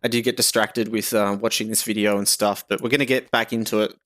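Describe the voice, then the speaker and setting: A man's voice: on the low side, flat delivery, quick pace, fairly bright tone. A young Australian man chatting casually with viewers during a live game stream, reading chat aloud with lots of fillers.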